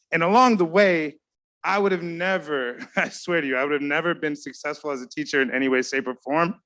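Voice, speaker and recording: A man's voice: on the high side, fairly bright tone. A man giving an emotional, earnest award speech from an awards ceremony stage, talking straight to the crowd. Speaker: award presenter.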